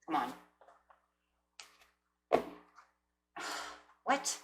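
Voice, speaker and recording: A woman giving a casual tarot reading, chatty, often clearing her throat and checking in with "right?" and "you know?". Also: extremely slow, very noisy. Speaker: tarot reader. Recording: roomy echo.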